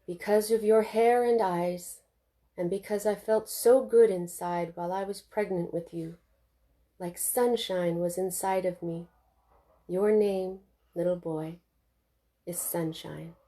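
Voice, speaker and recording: A new mother murmurs softly and gently as a woman reads her. The voice is warm and mellow in a storybook reading. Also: lowish voice, steady tone, slow. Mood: tender. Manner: soft, gentle.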